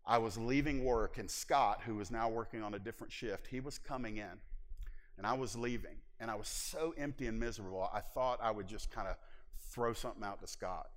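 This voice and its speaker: A middle-aged man preaching a personal testimony in church, moving from hushed confession to loud exhortation. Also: on the low side. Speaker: preacher giving his testimony. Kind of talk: sermon testimony. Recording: long hall reverb.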